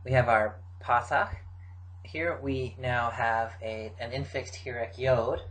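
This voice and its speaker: A middle-aged man giving a recorded grammar lecture, explaining forms in a measured way with frequent fillers. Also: medium pitch, steady tone, a bit bright, poor audio. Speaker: Biblical Hebrew teacher.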